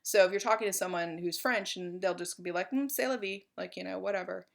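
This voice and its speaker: A woman's voice: lowish voice, steady tone, fast, gravelly. A woman giving a college art history lecture in a chatty, informal way, with many fillers.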